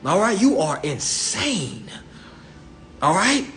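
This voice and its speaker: High-voiced man lecturing bluntly on a live stream. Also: very animated, a bit bright, a little hiss or hum. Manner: blunt and confrontational, slows down to stress reading. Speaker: livestream speaker. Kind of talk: livestream lecture, reading law text aloud.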